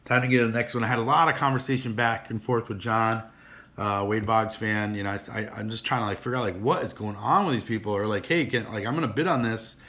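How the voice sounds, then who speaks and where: A man's voice: on the low side, quick pace, pushed and bright. Rambling earnest middle-aged man. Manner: rambling, earnest, restarts often. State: emotional, teary. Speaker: card collector vlogger. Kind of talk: casual chat to camera.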